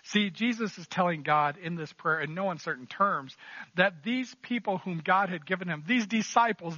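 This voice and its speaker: A man's voice: high-pitched, moderate pace, bright, forceful tone, no room sound, dull audio. A man preaching a sermon in an earnest, emphatic way, repeating key phrases. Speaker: pastor.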